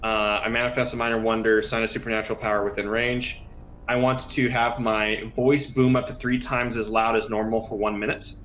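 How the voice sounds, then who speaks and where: Man, tabletop player, bright forceful voice, playful, faint noise. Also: mid-range voice, flat delivery, a little fast. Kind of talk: tabletop role-play.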